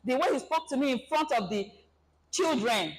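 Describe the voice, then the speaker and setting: A woman giving a relationship seminar, animated and acting out everyday scenarios for her audience. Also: high voice, normal speed, a little hiss or hum, rough recording. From Nigeria. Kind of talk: presentation talk to an audience.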